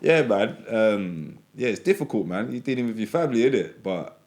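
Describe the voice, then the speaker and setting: A middle-aged man with a low, even voice and a North London accent that carries a faint Birmingham twang. He rambles easily in relaxed podcast chat, tagging his points with "you get me". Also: normal speed. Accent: North London with a slight Birmingham twang. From Birmingham, England. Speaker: guest rapper.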